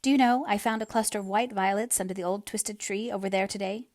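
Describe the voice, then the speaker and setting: A woman voicing an emotional young woman who pleads and rushes, her voice lifting high. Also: steady tone, a little mellow, dry recording, studio quality, natural voice. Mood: pleading. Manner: rapturous, pleading, then distressed.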